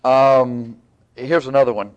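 A man's voice: medium pitch, steady tone, unhurried, smooth, dull audio. Male preacher, folksy conversational sermon delivery. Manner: folksy, conversational Bible teaching with laughs and asides.

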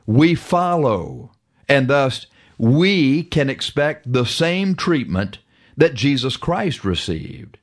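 Male radio preacher, emphatic, slow drawn-out stresses broken by quick bursts, reads old scripture wording. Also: medium pitch, big pitch swings. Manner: emphatic, drawn-out preaching with sudden fast stretches. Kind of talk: radio sermon with scripture reading.

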